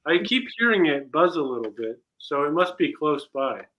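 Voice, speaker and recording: A man's voice: on the high side, very animated, normal speed, a bit bright. A man co-hosting a casual chat over a video call, easygoing and dry. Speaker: podcast co-host. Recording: dull lo-fi call audio.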